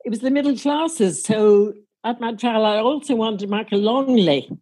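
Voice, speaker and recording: A woman's voice: a little high, normal speed, dark tone, breathy edge, poor audio. An older woman recounting a story from her own past in a wry, amused way. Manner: wry, amused, laughs while telling. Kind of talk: casual spoken anecdote.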